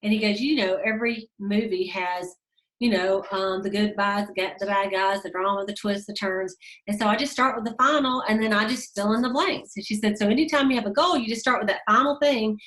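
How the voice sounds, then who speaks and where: A woman's voice: medium pitch, fairly even intonation, fairly quick, a bit bright. A woman giving a casual motivational talk to her sales team, telling stories with many fillers and emphatic repeats.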